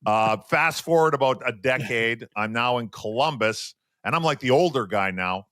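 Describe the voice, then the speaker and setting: This forty-something Western Canadian, once a hockey player and now co-hosting a podcast, spins casual stories and acts out the quotes with animation. He speaks at normal speed in a medium pitch. It's clean studio sound without echo.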